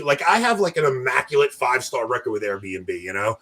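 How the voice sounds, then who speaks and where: A man's voice: mid-range voice, fast, hardly any pauses, poor audio. A man on a podcast telling funny stories in casual chat, joking and acting out what others said. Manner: joking, animated, acts out others' lines. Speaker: podcast co-host.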